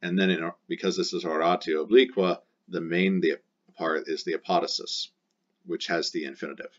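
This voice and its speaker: A man's voice: low voice, steady tone, moderate pace, lo-fi sound. A man teaching a Latin lesson, explaining step by step with frequent hesitations and sudden bursts of emphasis.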